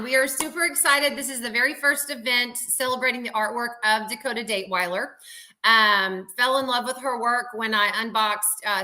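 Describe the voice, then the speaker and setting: Upbeat Texan woman with a bright, fairly high voice. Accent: Southern US, Texas. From Texas. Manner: friendly, self-deprecating, laughs often. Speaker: guest YouTuber. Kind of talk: casual livestream chat.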